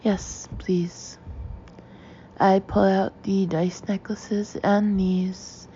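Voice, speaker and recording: A woman narrating a first-person audiobook in a wry, lively storytelling manner. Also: medium pitch, slow, dull audio, slight background noise.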